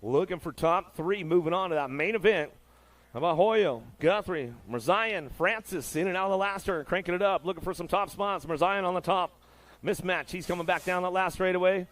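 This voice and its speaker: Race announcer, man, somewhat high voice, quick slangy play-by-play, hyped but easygoing. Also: a bit bright. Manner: hyped, laid-back slang-filled patter. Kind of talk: live play-by-play commentary.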